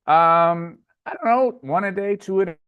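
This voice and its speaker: A man with a Floridian accent, hosting a livestream and answering chat questions in a relaxed, chatty way with frequent filler sounds. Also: high voice, moderate pace, clear, resonant tone, lo-fi sound. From Florida, USA. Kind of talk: casual livestream Q&A.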